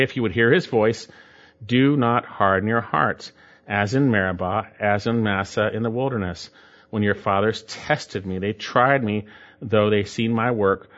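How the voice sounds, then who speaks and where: A man's voice: mid-range voice, a bit bright, lo-fi sound. A pastor preaching an emphatic sermon, his voice climbing when he stresses a point.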